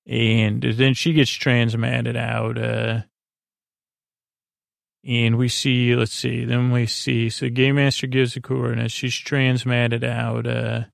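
Male host, casual halting recap, monotone delivery with gravel. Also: medium pitch, dry recording, clean studio sound. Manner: halting, rambling, many filler sounds. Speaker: podcast host.

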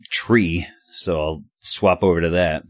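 A man's voice: low-pitched, fairly even intonation, slow pace, dry recording, studio quality. A man playing a tabletop game in a rambling, stammering way with some swearing. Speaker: player. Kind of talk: tabletop role-play.

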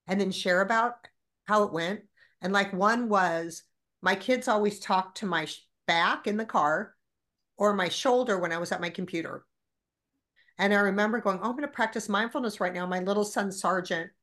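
Animated, foul-mouthed woman storyteller. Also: mid-range voice. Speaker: guest. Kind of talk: candid podcast conversation.

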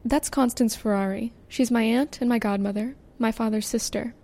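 A woman hosting a podcast, calmly reading scripted documentary narration. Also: a little high. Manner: calm, measured scene-setting. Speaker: podcast host.

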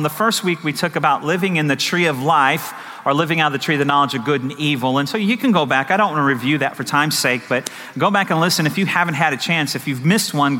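A man's voice: on the high side, pushed and bright. A middle-aged man preaching a sermon as pastor, talking conversationally with rhetorical questions and stories. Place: church sanctuary. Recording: long hall reverb.

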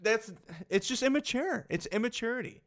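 Man cohost talking hoops with a gravelly voice, loose and rambling, laughs easily. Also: very high voice, expressive, normal speed, fairly bright tone. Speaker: podcast co-host. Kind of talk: casual sports chat.

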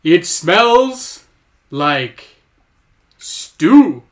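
A silly, rhyme-happy giant, played by a man in a comedy sketch. His voice is notably high for a giant, and he drawls each line slowly and deliberately. The delivery stays goofy from start to finish. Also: big pitch swings, heavily acted. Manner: slow, goofy rhyming delivery. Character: silly rhyming male giant.

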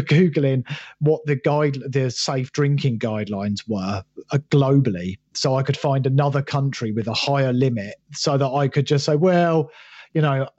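A man's voice: mid-range voice, a little mellow, dry recording, lo-fi sound. A middle-aged man answering interview questions earnestly, often restarting his sentences. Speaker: podcast guest, author.

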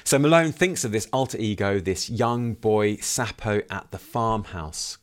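A man's voice: on the low side, measured pace, few pauses. A man hosting a book podcast, musing reflectively on a novel and asking himself questions as he goes. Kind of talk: book review monologue with read-aloud passages.

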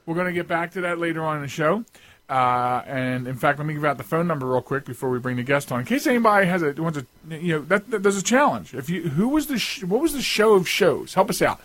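A man runs a casual radio talk show, full of asides and restarts. His voice sits a little high and the sound is close and dry, with no room around it. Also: animated, fast talker, a bit bright, no room sound. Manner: rambling, with frequent restarts and asides.

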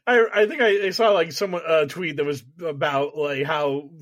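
A man's voice: a little high, steady tone, moderate pace, fairly bright tone, no room sound. A man co-hosting a podcast, ranting sarcastically in casual comedic chat and acting out the people he mocks. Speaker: podcast co-host.

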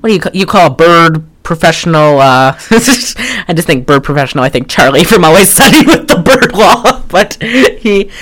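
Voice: mid-range voice, very animated, moderate pace, hardly any pauses, a bit bright. A podcast co-host recapping a film in casual chat, rambling with lots of "like" and wry, sarcastic asides. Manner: trails off and restarts often.

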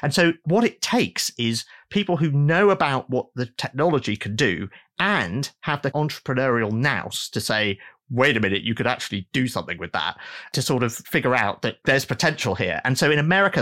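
A middle-aged man, an author being interviewed, explaining in a lively storytelling way and acting out quoted voices. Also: mid-range voice, normal speed, few pauses. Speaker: author and guest.

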